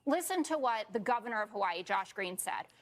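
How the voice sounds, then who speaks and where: A woman's voice: mid-range voice, lively intonation, a little fast. A woman commentator on a television panel, insistently laying out facts in order to make a pointed argument. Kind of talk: argued commentary on a talk panel.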